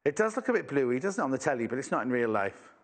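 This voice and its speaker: A man's voice: medium pitch, sing-song, quick pace. A man from England presenting a live sewing shopping show, chatty and enthusiastic with self-mocking asides. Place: TV studio.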